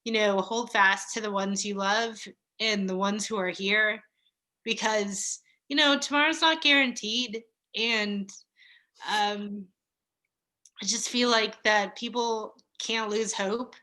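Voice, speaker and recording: Woman in her thirties, unhurried and earnest, bright voice, gentle heartfelt conversation. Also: medium pitch, level tone. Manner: slow, reflective, with soft laughs and pauses. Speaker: guest. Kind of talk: casual heartfelt chat.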